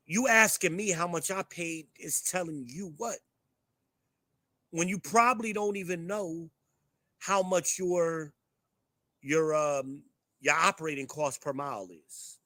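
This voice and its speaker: A middle-aged man talks straight at his audience in a blunt, profane rant, pitched a bit higher than most men. The sound is close and dry, with no room around it. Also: a little slow, long pauses, pushed and bright, no echo. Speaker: show host. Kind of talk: ranting commentary to a live chat.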